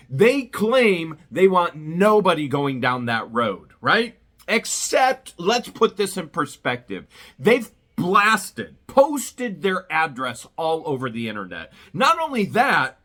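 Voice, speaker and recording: A man's voice: sits high, pushed and bright. A man hosting his own citizen journalism vlog, indignant and full of rhetorical questions. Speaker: vlogger and citizen journalist host. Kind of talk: outraged commentary to camera.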